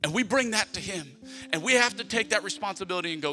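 A man's voice: sits high, lively intonation, fast. A middle-aged male pastor preaching a conversational sermon, acting out prayers and family moments as he talks. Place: church sanctuary. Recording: long hall reverb with soft music.

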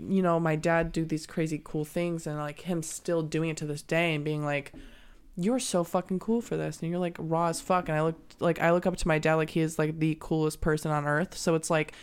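A woman's voice: sits low, flat delivery, brisk, few pauses, clean tone. A young woman in casual podcast chat, talking candidly and rambling, swearing often.

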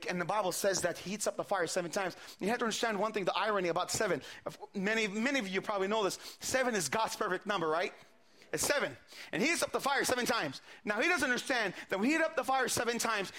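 A male preacher delivers a sermon, walking his listeners through a scripture story. His voice sits very high and sounds bright and forceful. He often repeats words as he builds each point. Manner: retelling scripture with quoted dialogue, frequent repetitions.

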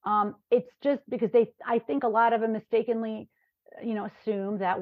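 A woman from New York, a professor talking as an interview guest, telling stories in a lively way and often checking in with "right?". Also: fairly high pitch, moderate pace, no room sound. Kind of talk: conversational interview. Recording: dry, dull lo-fi remote recording.

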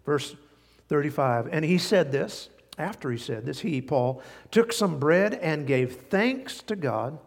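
A man preaching a sermon as pastor, animated and stretching words for emphasis. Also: fairly high pitch, unhurried, creaky, big-room sound. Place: church sanctuary.

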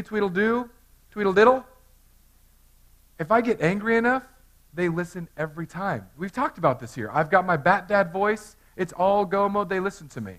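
A man with a fairly high voice preaches from the pulpit. He moves from low, reflective passages into loud, emphatic exhortation and joking asides to his congregation. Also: rough recording. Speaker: pastor. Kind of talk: sermon.

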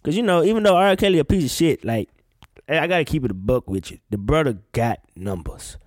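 A man talks through a loose, profane solo rant, his fairly high voice swinging up into loud yelps and back down again. The sound is dry and close, with no room behind him. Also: fairly quick, no room sound. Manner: profane, animated, with sudden loud high outbursts. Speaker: solo commentator. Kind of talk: casual rant about music gossip.

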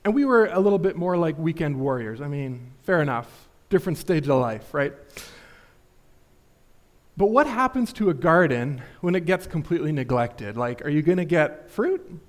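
Casual, chatty male preacher, higher voice. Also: lively intonation, normal speed. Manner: casual, filler-heavy, asks rhetorical questions. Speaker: pastor. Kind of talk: conversational sermon.

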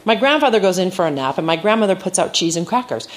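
A woman's voice: lowish voice, animated, quick pace. A woman giving a live reading of her personal essay on stage, with a wry storytelling delivery.

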